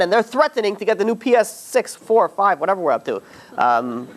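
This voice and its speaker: A man with a high-pitched voice hosts a casual religious panel discussion, speaking fairly quickly in an animated, rambling way, with many restarts and exasperated asides.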